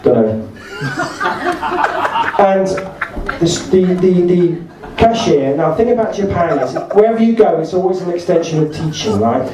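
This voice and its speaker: A man's voice: high-pitched, big pitch swings, normal speed, noisy background. Man telling party anecdotes in an echoey hall. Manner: chatty anecdotal delivery, laughs at own punchlines. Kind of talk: storytelling speech. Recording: echoey room recorded from far off.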